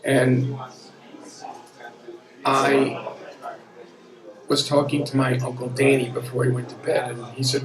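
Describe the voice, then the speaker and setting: A man's voice: medium pitch, level tone, takes it slowly, long pauses, a crowd in the background. A man in his fifties telling a personal story live on stage, earnest and conversational with a wry edge. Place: pub room at a live storytelling event. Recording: echoey pub room with an audience. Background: audience murmur.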